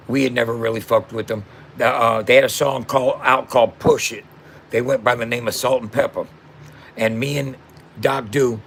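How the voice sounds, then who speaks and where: A man in his fifties talks straight to the camera with raw emotion, leaning hard on slang and repeated asides. His voice sits at an ordinary middle pitch, and faint air-conditioning noise hums behind him. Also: gravelly, fairly bright tone. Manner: emphatic, repetitive, street slang, emotional. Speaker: rapper and platform founder. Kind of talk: heartfelt direct-to-camera monologue.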